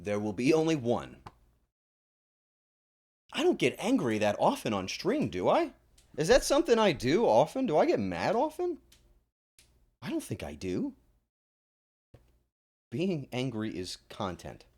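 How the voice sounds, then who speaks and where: A man ranting on his stream, exasperated and breaking into loud laughing yells. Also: fairly high pitch, wildly swooping pitch, measured pace, pauses often, husky. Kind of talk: casual stream chat.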